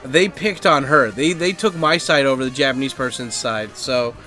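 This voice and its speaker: A man's voice: mid-range voice, normal speed, sharp tone, soft background music. A man telling a story on a podcast in a casual, rambling way, swearing and using many fillers. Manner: rambling, profane, heavy on fillers and acted quotes. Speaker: podcast host.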